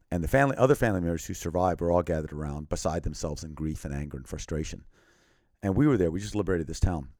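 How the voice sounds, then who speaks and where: Deep-voiced earnest man telling a story. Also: dry recording, studio quality. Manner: earnest, emphatic, often drops to a quiet, grave tone. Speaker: interview guest. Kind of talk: personal storytelling in an interview.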